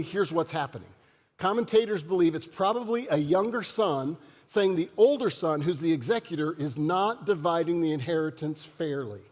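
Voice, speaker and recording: A male pastor with a high voice delivers a sermon in a church sanctuary, speaking conversationally and joking with the congregation. The recording carries the long reverb of the church hall.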